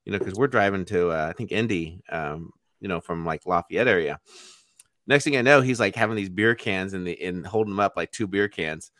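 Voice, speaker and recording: A man with a deep, low-pitched voice chats casually on a podcast. He rambles through his stories in a laid-back, slightly profane way. The sound is dry and close. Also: a little fast, a bit bright, dry recording. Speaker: podcast co-host. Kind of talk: casual chat.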